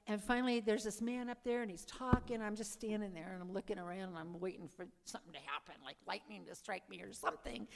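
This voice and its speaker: High-voiced woman telling her testimony in a hall. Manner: animated storytelling, acts out her own past lines; asks the audience questions. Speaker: speaker giving a conversion testimony. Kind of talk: live testimony talk to an audience. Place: church or meeting hall. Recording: long hall reverb.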